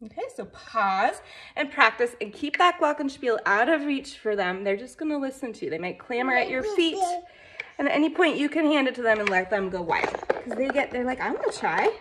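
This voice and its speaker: Bright-voiced woman teaching music at home. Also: high voice, animated, fairly quick, slight background noise. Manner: enthusiastic, nerdy and passionate, sings note syllables. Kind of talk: casual home music lesson with singing. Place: home, with her baby nearby. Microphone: phone camera.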